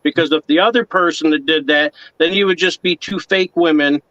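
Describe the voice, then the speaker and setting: A man in casual chat, speaking haltingly and repeating words as he agrees. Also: on the high side, pushed and bright, no echo. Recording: dry, dull lo-fi sound.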